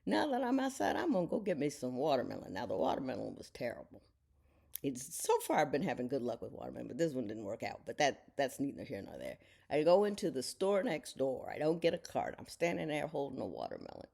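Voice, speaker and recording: A woman's voice: a little fast, vocal fry, breathy edge. A middle-aged woman, a television judge, telling a casual story at home and acting out the people she quotes. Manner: animated storyteller, voices quoted people with big pitch jumps. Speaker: television judge turned podcaster.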